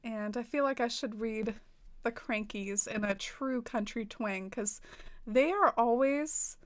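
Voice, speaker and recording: A woman's voice: a little high, takes it slowly. Giggly, chatty Southern woman streaming. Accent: light Southern American twang. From American South. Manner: chatty, giggly, filler-heavy with frequent "like". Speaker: game streamer. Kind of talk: casual stream chat, reading viewer comments.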